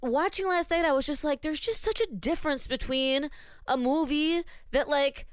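A woman's voice: high-pitched, moderate pace, no room sound, clean studio sound. A woman co-hosting a podcast in casual chat, eager and agreeable, often rambling as she works out her point. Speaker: podcast co-host.

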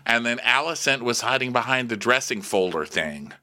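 Bright, lively man joking through a recap. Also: mid-range voice, normal speed. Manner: playful, laughing, jumps into silly sung bits. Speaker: podcast co-host. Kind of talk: comedic TV recap chat.

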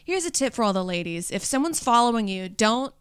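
A woman's voice: fairly high pitch, brisk, smooth, no echo, clean studio sound. A woman co-hosting a podcast, chatting casually and telling stories with acted-out quotes. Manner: animated storytelling with acted quotes. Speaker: podcast co-host. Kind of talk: casual chat.

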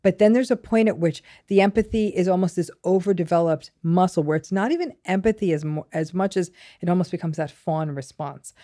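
Mellow, low-voiced woman psychologist. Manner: measured, explains with examples. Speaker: psychologist guest. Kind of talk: explanatory podcast interview.

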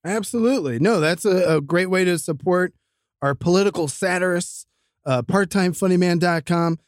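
A man's voice: high-pitched, normal speed, dry recording, studio quality. A man hosting a podcast, loose and jokey, wrapping up a show. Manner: loose, jokey, puts on silly voices. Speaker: podcast host. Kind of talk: casual chat.

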